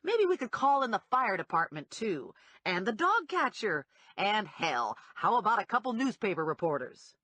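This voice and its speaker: A woman narrates a comic audiobook in the first person, her voice bright and full of sweeping pitch changes. There is a touch of breathiness in her tone, and the recording sounds dry and close. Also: normal speed, no room sound. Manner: lively, wide-ranging delivery with acted character voices.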